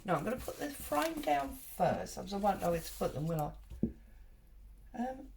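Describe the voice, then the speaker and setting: A middle-aged craft vlogger does paper crafts at home while chatting, telling a rambling story that wanders off and then returns. Her medium-pitched voice is creaky, swings widely in pitch, and moves at a moderate pace. Background noise is audible.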